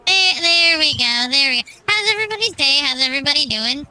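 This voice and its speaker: Woman, streamer, playful and chatty, high voice, piercingly bright tone, greets chat at home. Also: expressive, fairly quick, hardly any pauses, a little hiss or hum, poor audio. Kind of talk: casual live-stream chat. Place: at home at her desk, cat on her lap.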